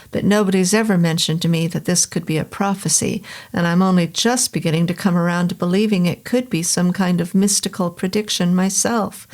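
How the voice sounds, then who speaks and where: A woman's voice: fairly low pitch, a little mellow, lightly acted. A woman voicing an irritable, pompous middle-aged male professor with a New England accent, talking down in a lecturing way. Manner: lecturing, condescending.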